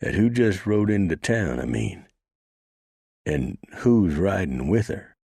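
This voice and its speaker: A man voicing an awkward lanky young deputy who talks in halting, hesitant bursts. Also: low voice, sing-song, creaky, darkish tone, slightly rough, dry recording, studio quality, voice pushed up, heavily acted.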